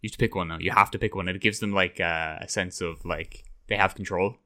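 A man's voice: sits low, fairly even intonation, fairly quick, sharp tone. A young man, chatting casually on a podcast, rambling, swearing and acting out quotes. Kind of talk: casual chat.

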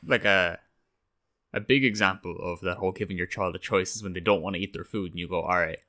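A man's voice: low voice, fast, sharp tone. A young man, chatting casually on a podcast, rambling, swearing and acting out quotes. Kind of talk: casual chat.

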